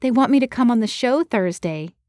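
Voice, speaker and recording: A woman's voice: a little high, expressive, a little fast, a little mellow, no echo, studio quality, voice pushed up, close to an everyday voice. A woman voicing a hopeful young female matchmaker who speaks eagerly.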